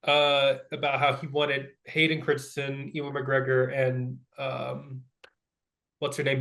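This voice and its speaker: A man's voice: medium pitch, fairly bright tone. A man co-hosting a movie podcast, ranting in a casual, exasperated way with lots of fillers. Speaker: podcast co-host.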